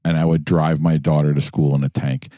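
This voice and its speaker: Man, new york accent, very low dark voice, deadpan gripes, dry sound. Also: fairly quick, no echo. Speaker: podcast co-host. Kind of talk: casual profane banter in a car. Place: inside a jeep.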